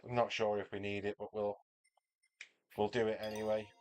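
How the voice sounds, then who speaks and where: This middle-aged man from northern England has a Manchester accent and a lowish, slightly mellow voice. He speaks at a moderate pace in a level tone, livestreaming from his home garage and chatting self-deprecatingly with viewers as he races.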